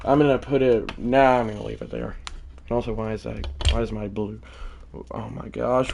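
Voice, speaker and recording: A man's voice: on the low side, little pitch movement, moderate pace, creaky, darkish tone, a little hiss or hum. Frustrated man streaming a baseball game. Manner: talks to chat, easily frustrated, rambling asides. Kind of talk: live-stream gameplay commentary.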